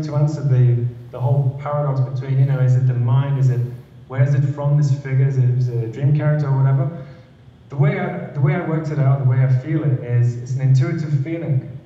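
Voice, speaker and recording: A man's voice: medium pitch, steady tone, a little fast, dark tone, heavy reverb, far from the mic, dull audio. A man, a panel guest, telling a personal story earnestly and repeating words as he goes.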